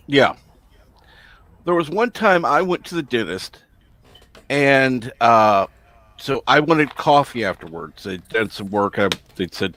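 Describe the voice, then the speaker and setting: A man's voice: mid-range voice, lively intonation, slow pace, pauses often, fairly bright tone. A man hosting a casual live online show, telling a rambling anecdote in an easygoing way. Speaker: host. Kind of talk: casual chat.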